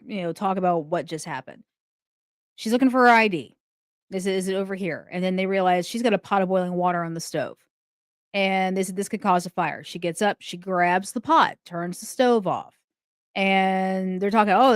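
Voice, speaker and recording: A woman hosts a true crime commentary, talking things through aloud in a casual, conversational, indignant way. Her mid-range voice moves at a moderate pace in a dry, clean studio recording.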